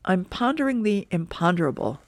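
A woman's voice: lowish voice, expressive, a little fast, no room sound, close to an everyday voice. A woman voicing a lazy, wry old grandfather with a dry, drawling delivery, read from a newspaper comic strip.

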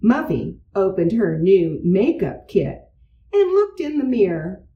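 A woman's voice: medium pitch, slow, highs cut off. A woman reading a children's storybook aloud, recorded at a distance in a roomy space. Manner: expressive, changes voices for characters. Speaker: narrator.

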